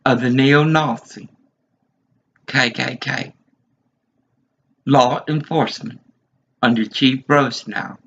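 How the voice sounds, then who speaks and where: A man's voice: mid-range voice, slow, vocal fry, long pauses, a bit bright, slight background noise. A man in his fifties giving an agitated, rambling monologue, repeating himself as he vents. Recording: dull lo-fi recording.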